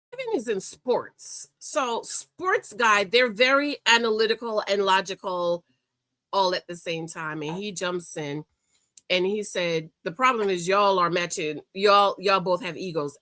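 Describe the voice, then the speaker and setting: A woman hosting a reality TV recap, talking in a sassy, animated way and calling out the people she reviews. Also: mid-range voice, unhurried, dry recording. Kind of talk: casual commentary.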